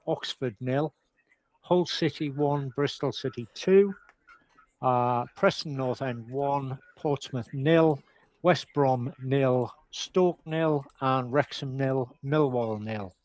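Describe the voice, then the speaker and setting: A man's voice: medium pitch, slow pace, darkish tone, dry recording, poor audio. A man on a casual football chat, reading the scores down a list. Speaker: football panelist.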